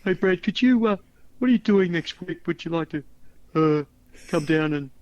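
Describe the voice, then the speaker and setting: A man's voice: on the high side, animated, normal speed, pitched above the performer's own voice, close to an everyday voice. A man doing an impression of a laid-back, casual male audio promoter, speaking in an easygoing, hesitant drawl. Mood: breezy.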